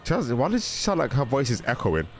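A young man giving a casual, excited reaction commentary, often exclaiming and cutting himself off mid-sentence. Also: mid-range voice, quick pace, faint music behind. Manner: exclaiming, self-interrupting, laughing. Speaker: reaction video host.

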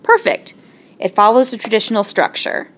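A woman teaching a lesson in a clear, patient way, slowing down to sound out syllables. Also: medium pitch, animated. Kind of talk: explaining a lesson.

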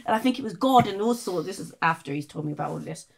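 Lively woman telling stories. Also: on the low side, fast talker, vocal fry, crowd noise. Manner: animated storytelling, swearing and laughing. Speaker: singer guest. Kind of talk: casual podcast chat.

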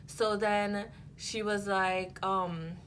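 A woman's voice: medium pitch, drawn-out words, slight background noise. Rambling woman telling a storytime. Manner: animated, rambling, with many fillers and restarts. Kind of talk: casual storytime chat.

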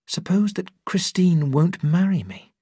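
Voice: mid-range voice, animated, a little slow, mellow, slightly rough, no echo, studio quality, voice pushed up. A reader voicing an eager, earnest young male doctor who talks in a raised, lifted tone.

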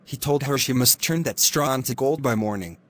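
A man narrating a classic fairy tale in a steady, clear reading voice. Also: medium pitch, fairly quick. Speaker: storyteller.

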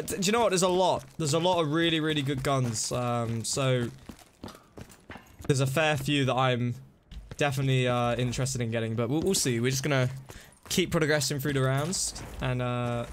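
A young man streaming a zombie game, chatting excitedly to his viewers and reacting to what happens. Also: medium pitch, a little hiss or hum. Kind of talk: casual live-stream commentary.

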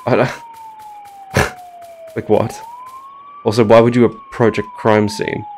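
A man's voice: mid-range voice, huge pitch swings, slow, darkish tone, a little hiss or hum. A man commentating a game he is playing, sarcastic and baffled, often laughing. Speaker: gaming YouTuber. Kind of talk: let's play commentary.

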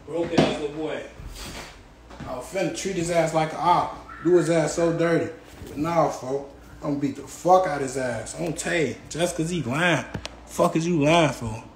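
A man's voice: a little high, normal speed, reverberant, slight background noise. A young man, ranting angrily and profanely at a rival, repeating street tags like "gang" and "on tape". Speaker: rapper ranting on a livestream. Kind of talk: angry ranting rant.

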